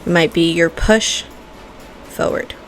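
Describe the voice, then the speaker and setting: Gravelly, heartfelt woman vlogger. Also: on the low side, slow, soft background music. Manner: emotional, affectionate, swears casually. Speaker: vlogger and makeup host. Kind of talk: heartfelt motivational talk.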